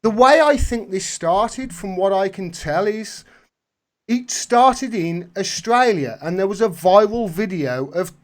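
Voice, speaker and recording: A man hosting a live video call, talking animated and swearing freely as he rants. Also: high-pitched, measured pace. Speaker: host. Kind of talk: casual chat.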